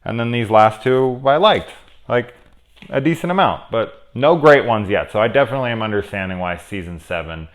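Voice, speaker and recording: Deep-voiced man rambling through a review. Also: lively intonation, normal speed. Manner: rambling, profane, acts out characters' lines. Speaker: horror TV reviewer. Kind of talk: casual spoken episode review. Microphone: camera mic very close.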